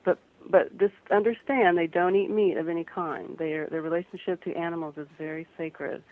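A woman's voice: fairly low pitch, fairly even intonation, moderate pace. Earnest woman on a tinny phone line. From American Midwest. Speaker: guest photographer and author. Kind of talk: radio interview, phone-in guest.

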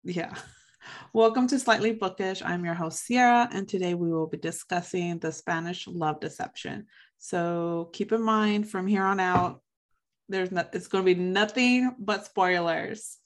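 A woman's voice: fairly low pitch, a little slow. A young woman hosting a book podcast in casual chat, chatty and giggly, acting out her own reactions. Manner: chatty, giggly, animated retelling. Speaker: podcast host.

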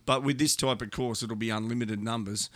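Fast-talking Australian storyteller man. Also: medium pitch, dry recording. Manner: animated anecdotes, acts out voices in quotes. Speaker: sports agent and podcast guest. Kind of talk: casual storytelling.

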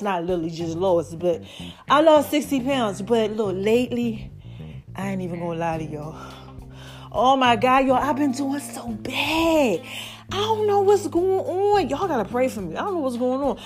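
A woman's voice: on the high side, moderate pace, soft background music. A woman hosting her own podcast in casual, chatty talk, out of breath and sighing between phrases, calling her listeners baby. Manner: lively, chatty, calls listeners baby and y'all. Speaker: podcast host.

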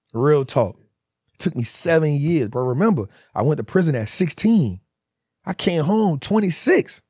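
A man's voice: a little high, slightly rough, dry recording, studio quality. A man speaking as a podcast guest, telling stories from his life in a casual, emphatic way, acting out quotes and leaning on "bro". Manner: animated, emphatic storytelling with frequent "bro". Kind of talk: casual storytelling interview.

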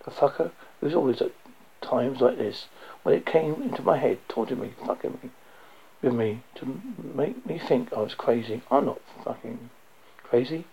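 A man reading a dark first-person story aloud, low and intense, sometimes dropping to a whisper. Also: moderate pace, vocal fry, slightly rough. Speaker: audiobook narrator. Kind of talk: first-person audiobook narration. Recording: dull lo-fi recording.

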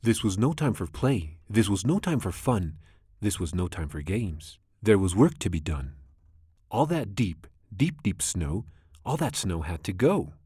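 A man reads a rhyming children's book aloud with a bouncy rhythm. His pitch swings widely and expressively. The recording is dry and close, with no room sound. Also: very animated, unhurried, dark tone, slightly rough, no room sound. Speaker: storybook reader. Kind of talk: children's storybook read-aloud.

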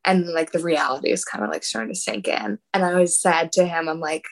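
A woman's voice: lowish voice, a little fast, creaky, hardly any pauses, rough recording. A young woman telling a personal story in casual chat, laughing often and acting out what people said. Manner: animated, laughing, acts out quotes.

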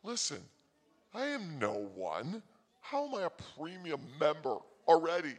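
A man hosting a comedy show, telling a rambling story with loud bursts and quick asides. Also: a little high, sing-song. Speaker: comedy host. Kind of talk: rambling comic monologue.

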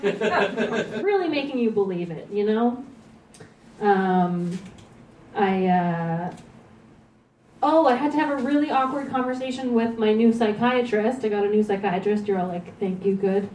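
A woman doing stand-up with a mellow, dark tone and a dry deadpan delivery. She sounds distant in an echoing venue with faint room noise behind her. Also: medium pitch. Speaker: stand-up comedian. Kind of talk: stand-up comedy. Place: comedy venue, stage. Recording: echoey room recorded from a distance.

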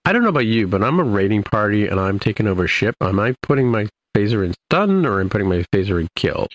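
A man's voice: fairly low pitch, very animated, quick pace, no echo, low-quality recording. A man in casual conversation, loosely and ramblingly retelling scenes from an episode as a podcast co-host. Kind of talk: casual episode recap chat.

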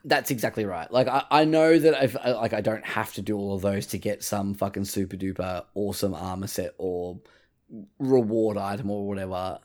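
A man's voice: on the low side, fairly even intonation, normal speed, a little mellow. A man chats casually on a gaming podcast. He swears freely and acts out his own reactions to the game. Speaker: podcast co-host. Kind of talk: casual chat.

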